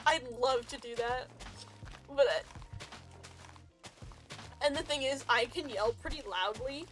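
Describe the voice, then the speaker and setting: A woman's voice: high voice, moderate pace, pauses often, a bit bright, faint music behind. Rambling, jokey woman streamer. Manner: rambling, jokey, laughs often. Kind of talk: casual chat.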